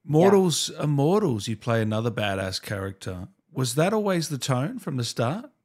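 Husky man with lively reactions. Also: medium pitch, moderate pace. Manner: brief reactions and follow-up questions. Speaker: podcast host. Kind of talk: casual interview chat.

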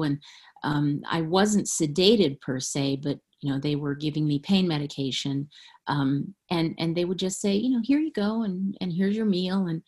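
Husky candid woman author being interviewed. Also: sits low, a little mellow. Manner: candid, frank, laughs often. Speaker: author guest. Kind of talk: interview conversation.

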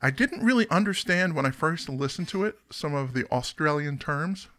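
A man's voice: on the high side, expressive, moderate pace, a bit bright. A man from the US East Coast hosting a song countdown podcast, chatting casually with jokey, rambling asides. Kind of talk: casual chat.

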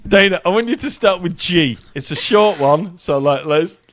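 A man's voice: high voice, animated, moderate pace, a bit bright. A British man hosting a casual podcast, rambling and laughing often, swearing freely. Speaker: podcast host.

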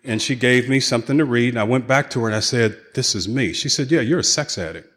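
A man's voice: medium pitch, quick pace, fairly bright tone. Earnest man telling his recovery story. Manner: earnest storytelling, acts out quoted dialogue. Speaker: keynote speaker. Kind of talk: personal recovery testimony. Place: conference hall with audience.

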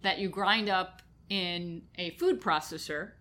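A woman's voice: fairly low pitch, slow pace, sharp tone. A woman co-hosting a show in a casual, playful chat. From New York. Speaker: co-host.

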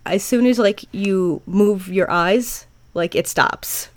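A woman's voice: medium pitch, slow. A woman co-hosting a podcast, sharing an odd science story in playful, wry banter. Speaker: podcast co-host. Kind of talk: casual chat.

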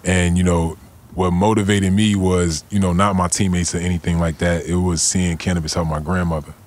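A man's voice: low-pitched, level tone, fairly quick, a little mellow. A man as a podcast guest, telling a personal story in a laid-back, slangy way full of conversational fillers. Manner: laid-back, slangy, "you know what I'm saying" fillers. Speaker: guest, cannabis company founder. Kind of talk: casual storytelling interview.

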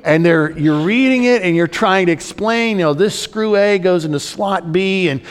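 A man preaching a sermon, slowing down to read scripture aloud and lifting his voice on questions to the congregation. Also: sits high. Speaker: pastor. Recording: long hall reverb.

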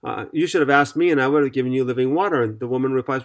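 A man's voice: mid-range voice, rapid-fire. A man teaching on a podcast Bible study, reading scripture aloud and explaining it in an earnest, methodical way.

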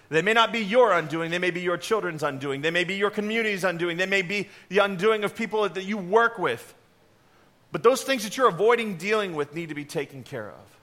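A man's voice: high voice, sharp tone. A man preaching a sermon to his congregation, earnest and direct, with offhand asides. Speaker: pastor.

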